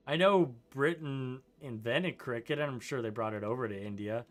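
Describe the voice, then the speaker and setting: Rambling young man, bright voice. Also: mid-range voice, moderate pace, few pauses. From Canada. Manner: rambling, chuckling, lots of likes and ums. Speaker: streamer. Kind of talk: casual gameplay commentary reading chat.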